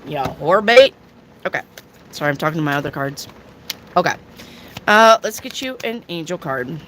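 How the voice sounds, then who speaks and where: A woman's voice: low-pitched, animated, brisk, a bit bright, a little hiss or hum. A woman giving a casual live tarot reading to viewers, chatty and jokey with crude asides. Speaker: tarot reader.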